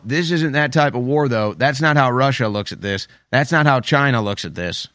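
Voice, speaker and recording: A political commentator delivers an opinion monologue, emphatic and sarcastic, often repeating phrases for effect. His medium-pitched voice is a bit bright, in a dry, studio-quality recording.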